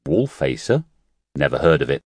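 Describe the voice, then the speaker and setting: A weary, indifferent man freshly woken from long sleep, speaking in a low, flat, dismissive way, as a male narrator reads him. The sound is dry and close. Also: moderate pace, breathy edge, no echo, exaggerated voice.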